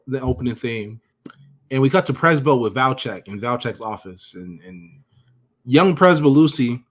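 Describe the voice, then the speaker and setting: A man's voice: medium pitch, fairly bright tone. A man co-hosting a podcast, casually recapping scenes in a profane, joking way. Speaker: podcast co-host.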